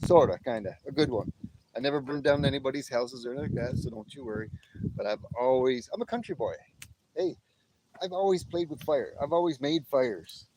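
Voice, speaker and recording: Speaking fairly quickly with lively intonation and a medium pitch, a cheerful host livestreams from his backyard fire pit at night, filmed by a tripod-mounted camera. Background noise accompanies his chatty banter as he greets viewers by name and laughs frequently.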